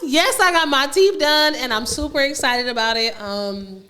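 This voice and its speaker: A woman's voice: high voice, moderate pace. Chatty woman podcaster with a retainer. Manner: talks a bit funny around a dental retainer; animated, laughs often. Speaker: podcast co-host. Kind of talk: casual podcast chat.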